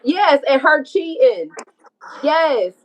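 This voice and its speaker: A woman's voice: sits high, very animated, takes it slowly, low-quality recording. A woman telling her story as a guest in an online interview, blunt and profane, speaking straight to the viewers as y'all. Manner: blunt, profane, emphatic, talks to listeners as y'all.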